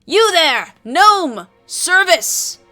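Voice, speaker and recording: A woman's voice: very high voice, big pitch swings, very slow, soft background music, pitched above the performer's own voice, heavily acted. A woman voicing a rude, bullying male soldier captain who barks his orders. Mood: barking. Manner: barking and loud.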